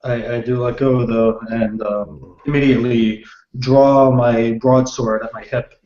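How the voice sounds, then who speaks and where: A man's voice: mid-range voice, steady tone, measured pace, darkish tone. A man playing a tabletop game, describing his character's actions hesitantly, often restarting. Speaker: player. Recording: echoey, muffled lo-fi room.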